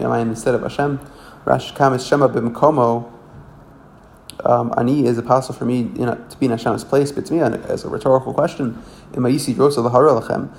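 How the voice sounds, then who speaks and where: A man with a gravelly, creaky voice works through a text in a lesson, each phrase and then translating it. He often stops, restarts and corrects himself as he goes. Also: medium pitch, a little mellow. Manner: halting, self-correcting, with frequent restarts. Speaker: Torah teacher. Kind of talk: reading and translating a religious text line by line.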